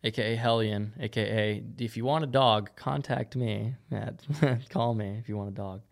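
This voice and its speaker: A man's voice: on the low side, fairly even intonation, moderate pace, gravelly. A young man, a BMX rider, chatting casually as a podcast guest, laid-back and laughing often, with lots of filler "like". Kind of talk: casual interview chat.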